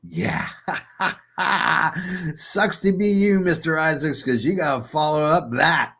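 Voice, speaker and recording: A man's voice: fairly high pitch, slow pace, a bit bright, breathy edge. A man co-hosting a wrestling podcast in casual chat, joking in a mob-boss persona and laughing often. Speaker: podcast co-host.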